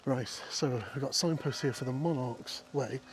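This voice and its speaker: On a casual walking vlog, a man with a mid-range voice talks at normal speed. He chats and jokes with viewers and the sheep he passes as he crosses countryside fields and paths, and a faint wind sounds outdoors.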